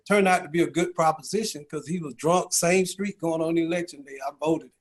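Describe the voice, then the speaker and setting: A county chief executive at a business round table, this middle-aged Georgian has a fairly high voice and keeps a moderate pace. He relates stories, throwing in rhetorical questions and down-home asides.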